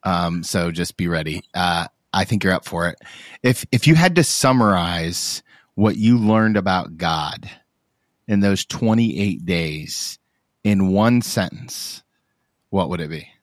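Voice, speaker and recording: Podcast host, lower voice, easygoing interviewer, dry close-mic sound. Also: male voice, slow pace, dry recording. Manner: relaxed questioning, friendly interjections.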